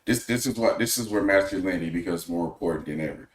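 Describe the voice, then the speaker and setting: A man co-hosting a podcast, talking in a measured, opinionated way and posing questions. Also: low voice, roomy sound, a little hiss or hum. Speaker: podcast co-host. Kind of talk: casual podcast chat.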